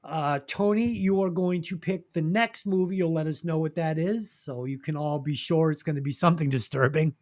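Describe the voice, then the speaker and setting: A podcast host ranting through a comedic movie review, swearing a lot, going from loud to low. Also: moderate pace, few pauses. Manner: animated, swings between loud and low.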